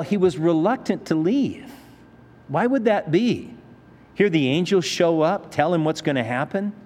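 A man's voice: high voice, darkish tone. A male pastor teaching a sermon in a conversational way, posing rhetorical questions to his listeners. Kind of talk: expository sermon. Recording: reverberant hall.

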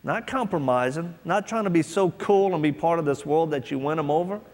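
A man whose voice is on the high side and a little mellow preaches slightly fast, sharing a personal story. He voices the other characters as he quotes them, and the echoey hall adds long reverb.

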